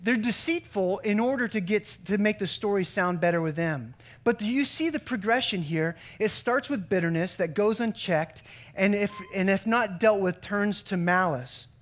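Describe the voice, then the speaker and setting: A man's voice: high voice, moderate pace. A man pastor giving a sermon in a conversational way, with joking asides and stories. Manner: conversational preaching with joke-telling asides.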